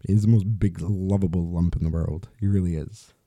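A man's voice: deep voice, fairly even intonation, moderate pace, warm tone, no echo, studio quality. A man hosting a solo podcast, talking in a rambling, candid way with restarts and the odd swear word. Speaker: podcast host.

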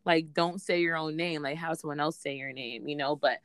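A woman's voice: sits low, fairly even intonation, normal speed, clear, resonant tone, dry recording. A woman, co-hosting a podcast and chatting about a reality show, opinionated and acting out other people's quotes. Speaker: podcast co-host. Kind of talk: casual chat recapping a reality show.

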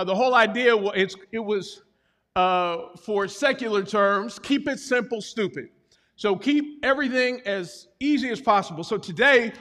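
Breathless high-voiced male preacher. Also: fairly bright tone, long reverb tail. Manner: jokey, talks with the congregation, asks for responses. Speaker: pastor. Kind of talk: sermon.

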